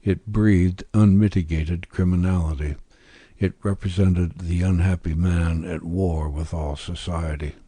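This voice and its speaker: A man narrating a classic novel as an audiobook, reading in a measured, deliberate way. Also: deep voice, fairly even intonation, mellow, husky, dry recording.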